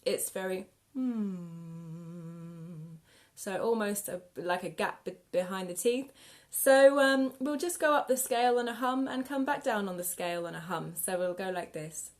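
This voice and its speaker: A woman singing teacher guiding a live vocal warm-up lesson with gentle, encouraging instructions. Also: mid-range voice, moderate pace, few pauses. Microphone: live video stream.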